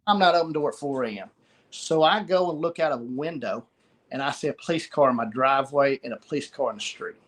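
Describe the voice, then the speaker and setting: A middle-aged man telling a personal story as an interview guest, halting and repeating words. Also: medium pitch, a bit bright.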